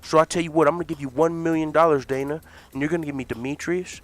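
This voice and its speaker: A man's voice: on the high side, fairly even intonation, lightly acted. A man playing a coaxing, scheming fight promoter. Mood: bargaining. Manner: slow, earnest, coaxing, then bossy. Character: pleading middle-aged male fight promoter, scheming businessman.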